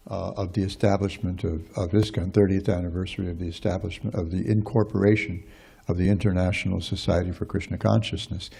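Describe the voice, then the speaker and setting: A man with a low, gravelly voice gives a scripture class. His tone is dark and a little husky, and he rambles along with lots of fillers and restarts. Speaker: speaker giving a scripture class.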